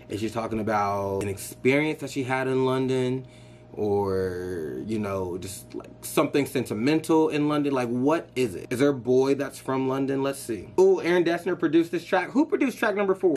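A man giving casual, excitable reaction commentary on an album he is hearing. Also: fairly high pitch. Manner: excitable, chatty, gushing. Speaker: music reaction vlogger.

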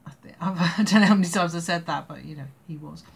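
A woman in her sixties with an English accent tells a story straight to camera, chatty and wandering. Her fairly low voice has a gravelly fry running through it, and she laughs often between phrases. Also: fast. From England. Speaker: storyteller vlogger. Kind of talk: casual spoken anecdote.

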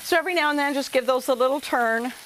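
A woman's voice: high-pitched, fast talker, fairly bright tone, a little hiss or hum, rough recording. A woman giving a home cooking demonstration in a kitchen, talking to viewers in a chatty, folksy and playful way.

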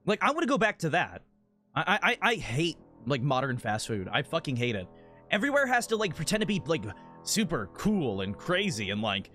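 A man streaming a game, chatting casually in a rambling, profane, animated rant. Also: on the high side, fairly quick, faint music behind.

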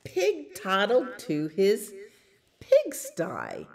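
A woman librarian reads a bedtime story to young children. Her voice sits low but moves a lot. She takes her time, gentle and animated. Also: drawn-out words, creaky.

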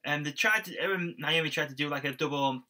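A man's voice: on the high side, fairly quick, bright, forceful tone. A young man co-hosting a wrestling podcast, rambling casually and chatting with fillers and restarts. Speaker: podcast co-host. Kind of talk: casual chat reviewing wrestling.

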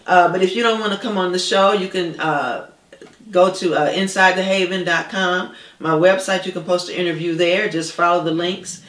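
A woman's voice: fairly low pitch, steady tone, normal speed. Roomy, distant woman host, filler-heavy. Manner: warm affirming, many fillers and uh's. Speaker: talk show host. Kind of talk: casual interview chat.

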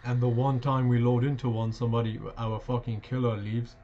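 A man's voice: mid-range voice, little pitch movement, fairly quick, mellow. A man streaming gameplay live, talking with brash, profane trash talk. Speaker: game streamer. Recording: dull lo-fi mic with faint noise.

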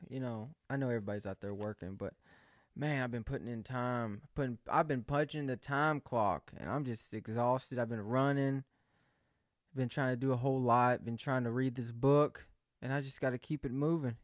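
A man's voice: mid-range voice, no echo. Rambling, joking young man, dry mic. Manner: rambling, jokey, self-correcting. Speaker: vlogger. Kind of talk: casual solo video chat.

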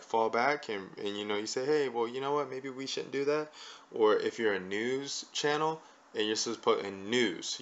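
A man with a lowish voice rambles through a casual chat, tagging his points with a questioning "right?" over and over. The recording sounds dull and lo-fi, as if captured on modest home gear. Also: a bit bright. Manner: rambling, peppers lines with "right?". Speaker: podcast host.

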